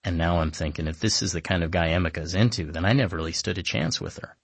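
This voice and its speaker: Brief: husky male narrator, deadpan comic storytelling. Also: sits low, fast, no echo. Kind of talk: comic first-person story reading.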